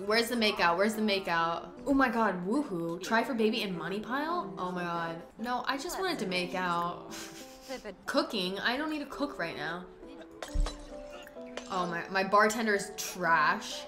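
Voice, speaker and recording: A woman hosting a let's-play video, with excitable, dramatic commentary full of gasps and exclamations. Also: mid-range voice, normal speed, music in the background. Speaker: gaming host.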